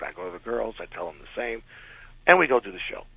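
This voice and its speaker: A man telling an anecdote as a radio interview guest, animated and acting out the people in his story. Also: lowish voice, fast, creaky, husky. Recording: dull lo-fi radio recording.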